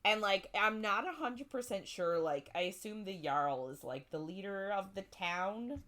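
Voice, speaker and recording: A woman's voice: medium pitch, expressive, a little slow, a bit bright. A woman co-hosting a casual book podcast, retelling the plot in a rambling way full of "like" and "um". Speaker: podcast co-host.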